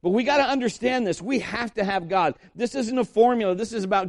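A man's voice: sits high, fast, few pauses. A man preaching a sermon, emphatic, calling on the congregation to respond. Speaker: pastor.

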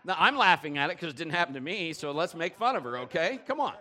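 A male pastor delivering a sermon in a relaxed, conversational style. His voice sits a little high for a man. He jokes, tells stories and keeps checking in with the congregation. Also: fast talker. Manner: conversational, joking storyteller, asks the crowd questions.

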